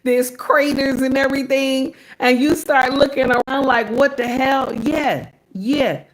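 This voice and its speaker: A woman's voice: high voice, measured pace. A woman hosting a livestream, reacting to clips in sassy, preachy casual commentary and repeating lines for emphasis.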